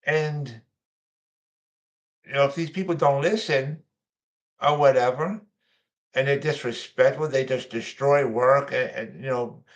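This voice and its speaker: Slow, rambling male host. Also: mid-range voice. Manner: rambling, repetitive, frequent fillers; mocking whiny voices when quoting others. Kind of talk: casual monologue.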